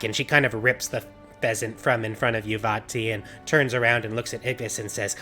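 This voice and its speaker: A man narrating as game master of a tabletop game online, animated and often laughing, with many fillers. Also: on the low side, a little fast, faint music behind.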